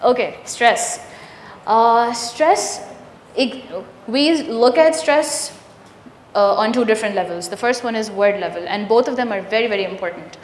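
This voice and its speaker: A woman runs a teacher workshop, putting questions to the room and confirming the answers. She speaks slowly in a fairly high voice. The sound is roomy, with a long echo from the training hall. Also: a little hiss or hum. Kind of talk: interactive teacher training lesson. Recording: echoey room with long reverb.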